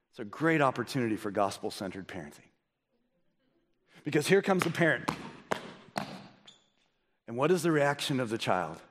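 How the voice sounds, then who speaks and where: A man preaching a sermon as a pastor, swinging from hushed, quiet passages to loud, emphatic ones. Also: mid-range voice. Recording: echoey hall reverb.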